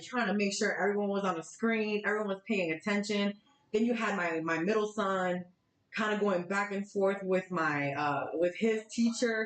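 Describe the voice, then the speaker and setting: A woman in her thirties hosts a podcast in casual chat, telling her stories with lively, animated energy. Her voice sits at an ordinary middle pitch. The room around her sounds roomy and echoey. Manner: chatty, animated storytelling with laughs. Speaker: podcast host.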